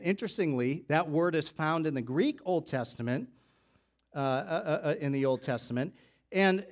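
Guy preaching, slightly higher voice, chatty sermon w restarts and asides, gets loud and emphatic at times. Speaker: pastor.

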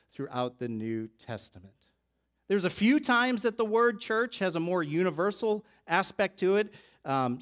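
A man preaching a sermon as pastor, teaching in a conversational way with restarts and side remarks, now and then rising into emphatic peaks. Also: fairly high pitch.

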